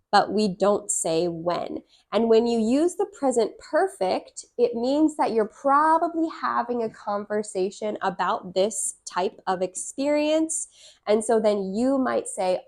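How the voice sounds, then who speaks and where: A woman teaching English grammar, reading each example sentence slowly and repeating it. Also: fairly high pitch, expressive. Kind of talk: slow, clear grammar lesson.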